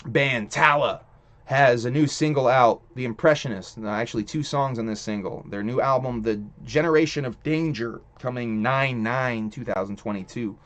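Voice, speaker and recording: A young man hosting a live stream, rambling casually with lots of cursing and loose restarts. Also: mid-range voice. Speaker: streamer host. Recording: dull lo-fi stream audio.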